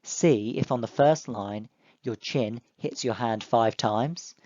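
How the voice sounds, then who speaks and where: Young male teacher, dry close mic, mid pitch, clear and encouraging with children. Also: slow pace, darkish tone, dry recording, highs cut off. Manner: clear, encouraging, speaks to pupils directly. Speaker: primary school teacher. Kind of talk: online lesson for children.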